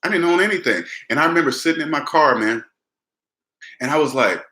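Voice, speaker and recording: Young man, conversational finance talk, repeats himself; bright tone, roomy echo. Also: a little high, expressive, fairly quick. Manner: conversational, repeats phrases, addresses listener as man. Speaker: personal finance vlogger. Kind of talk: casual talk to camera.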